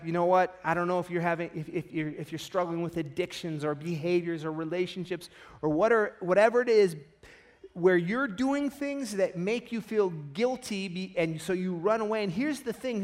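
A man's voice: high voice, a little fast. A man pastor preaching a sermon, telling stories and acting out the voices in them. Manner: animated storytelling, acts out quoted voices.

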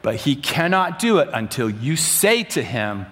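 A male preacher giving a sermon to a room full of people, swinging dramatically between loud urgency and hushed emphasis. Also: mid-range voice, very animated, measured pace, few pauses. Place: room with a congregation.

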